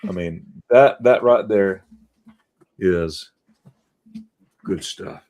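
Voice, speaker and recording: Animated middle-aged man telling stories. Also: deep voice, extremely slow. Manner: animated storytelling, quizzing listeners. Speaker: host. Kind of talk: casual live-stream chat.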